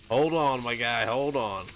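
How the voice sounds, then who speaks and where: A man's voice: medium pitch, a bit bright. A man who is a military veteran, reacting to a war drama in casual, profane, laughing commentary. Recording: voice over film music.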